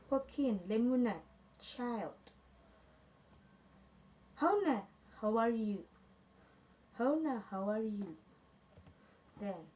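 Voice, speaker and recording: Slow, halting young woman student presenter. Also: mid-range voice, dark tone, a little hiss or hum. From Indonesia. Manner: halting, restarts words, reads examples aloud. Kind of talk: online class presentation.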